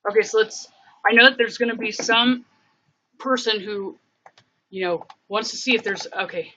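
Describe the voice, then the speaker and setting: A woman's voice: fairly high pitch, moderate pace, bright, forceful tone, muffled recording. A woman hosting a casual livestream, rambling and thinking aloud with many fillers. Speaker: livestream host.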